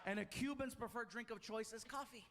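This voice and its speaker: A man doing a stand-up comedy set, telling an animated story and mimicking people yelling. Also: extremely high pitch, brisk. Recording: live club show with audience laughter. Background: audience laughter.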